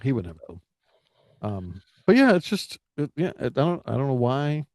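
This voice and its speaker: A man co-hosting a casual chat, rambling and halting with many restarts. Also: mid-range voice, big pitch swings, a little mellow, no room sound. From United States. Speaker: podcast co-host. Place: Florida.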